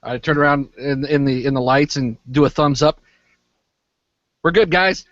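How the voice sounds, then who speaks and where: Dude playing a tabletop game, keeps stumbling over words, dry dull mic. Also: male voice, medium pitch, little pitch movement, fairly quick, no echo. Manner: chatty, stammering restarts, laughing asides. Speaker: player. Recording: dry muffled lo-fi audio.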